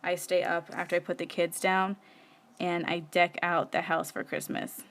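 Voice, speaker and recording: A woman's voice: fairly low pitch, little pitch movement, normal speed, vocal fry, a bit bright. A woman, chatting casually while she works on her planner during a live stream, rambling with many fillers. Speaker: planner vlogger. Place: home.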